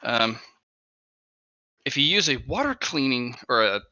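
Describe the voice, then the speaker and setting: Animated rambling man on a dull mic. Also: mid-range voice, measured pace, no echo. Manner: rambling, animated, chatting to his dog. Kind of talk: casual chat on a call. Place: at home.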